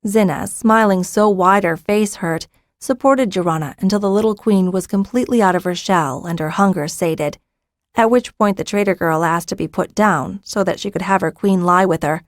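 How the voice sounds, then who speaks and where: A woman narrating a fantasy audiobook in a steady, even storytelling voice. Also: medium pitch, dry recording, clean studio sound.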